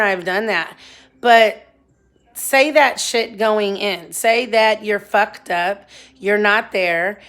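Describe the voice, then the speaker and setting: A woman in her forties speaks her mind in a loose, unscripted monologue. She rambles and circles back to her point, swearing often and without apology, at a middle pitch. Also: fairly bright tone. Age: 40s. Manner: blunt, rambling, swears freely. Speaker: vlogger. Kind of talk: candid personal monologue.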